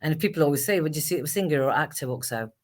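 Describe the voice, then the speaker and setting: Animated middle-aged woman guest. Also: sits low, very fast. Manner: animated and emphatic, acts out past conversations. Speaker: guest, actress and singer. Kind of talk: candid conversational storytelling.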